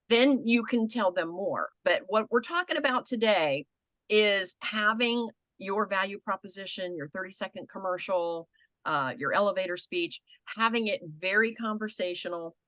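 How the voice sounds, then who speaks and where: An older American woman coaching a group on business pitches, conversational and animated. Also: moderate pace, dry recording. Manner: conversational, animated, acts out quoted people.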